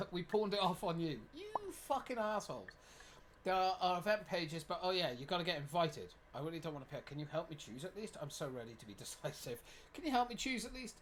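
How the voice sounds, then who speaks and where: Animated young streamer. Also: medium pitch, slight background noise. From United Kingdom. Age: 20s. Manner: animated, swears a lot, reads game text aloud. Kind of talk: live gameplay commentary.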